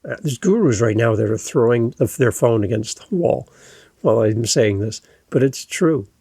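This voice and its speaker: A man's voice: mid-range voice, expressive, normal speed, vocal fry, warm tone, breathy edge, no room sound, studio quality. A man hosting his own solo podcast, talking in an earnest, reassuring and conversational way. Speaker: podcast host.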